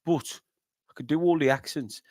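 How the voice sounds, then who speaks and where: A young northern English man hosting a live football watchalong, chatting with viewers and breaking into excited play-by-play. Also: fairly high pitch, normal speed, no echo, clean studio sound. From northern England. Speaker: fan channel host.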